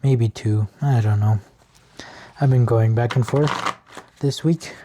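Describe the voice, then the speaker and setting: A man's voice: medium pitch, steady tone, takes it slowly, background noise. A man giving a casual, encouraging tarot reading to the viewer, often chuckling as he talks. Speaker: tarot reader.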